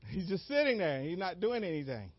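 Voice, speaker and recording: A man preaching a sermon as an animated story, acting out moments with sudden shouted cries and laughing along. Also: high voice, brisk. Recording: dull lo-fi dry recording.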